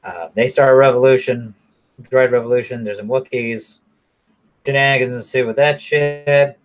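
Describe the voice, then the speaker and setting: A man talks through a film's plot in a loose, rambling way, swearing constantly and stumbling over fillers and restarts. His voice sits at an ordinary middle pitch. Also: steady tone, normal speed. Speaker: movie reviewer. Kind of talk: casual rambling movie recap.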